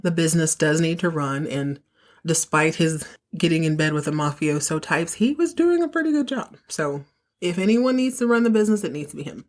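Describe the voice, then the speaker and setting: A woman with a fairly low voice, chatting casually as she recaps a soap episode. She tells the story with animated emotion and slips into the characters' lines as she goes. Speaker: podcast host recapping a soap opera.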